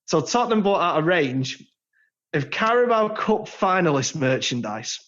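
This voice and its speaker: Man co-host, casual football banter, slightly high voice, dull lo-fi recording. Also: big pitch swings, normal speed, a bit bright. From England. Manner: chatty, jokey, trails into laughs. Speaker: podcast co-host.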